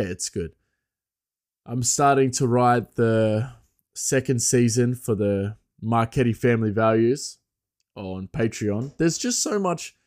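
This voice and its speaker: Rambling male podcast host. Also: medium pitch. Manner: rambling, self-deprecating, many restarts. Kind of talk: casual solo podcast chat.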